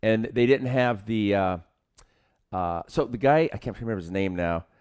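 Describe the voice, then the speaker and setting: A man's voice: lowish voice, normal speed, darkish tone, smooth. A man co-hosting a martial arts podcast, telling film-set anecdotes in casual chat and acting out the quotes with laughter.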